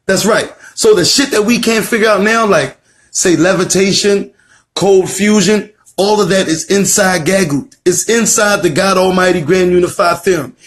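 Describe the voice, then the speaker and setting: A man's voice: sits high, moderate pace. A man giving a fiery, profane online lecture, preachy and emphatic, repeating lines and firing off rhetorical questions. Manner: swears a lot, calls out rhetorical questions. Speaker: self-styled teacher presenting his theory.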